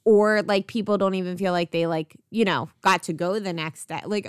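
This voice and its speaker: A woman's voice: mid-range voice, fairly even intonation, brisk, few pauses, clean tone, dry recording, studio quality. A woman in her thirties co-hosting a casual podcast, talking in a loose, chatty way full of "like" and the odd swear. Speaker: podcast co-host. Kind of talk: casual chat.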